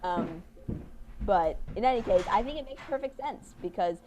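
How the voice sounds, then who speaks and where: Animated rambling woman in her twenties. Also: medium pitch, moderate pace, a little hiss or hum. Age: 20s. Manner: animated, rambling, many restarts and laughs. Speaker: podcast co-host. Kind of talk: casual chat.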